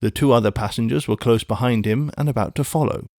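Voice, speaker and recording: Brief: measured male audiobook narrator, close dry studio sound. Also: mid-range voice, darkish tone, no room sound. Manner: measured storytelling. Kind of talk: scripted narration.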